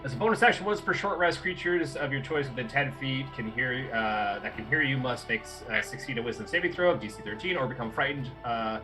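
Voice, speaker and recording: A man's voice: mid-range voice, brisk, few pauses, over music. A man playing a tabletop game, chatting casually and asking the game master rules questions. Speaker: player.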